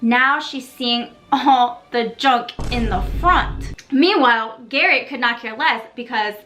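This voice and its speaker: A woman's voice: on the high side, slow pace, pushed and bright. A woman in her twenties recapping a TV episode in a playful, gossipy way, with sassy asides. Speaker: video creator recapping a TV episode. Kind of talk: casual recap commentary.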